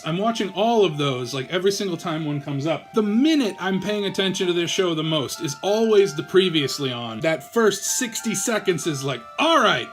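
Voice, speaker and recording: Male vlog host, high voice, loopy and foul-mouthed, worn out, rambling comedic review. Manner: profane, rambling, self-mocking and a bit loopy. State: tired from a marathon of viewing. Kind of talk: casual comedic rant to camera.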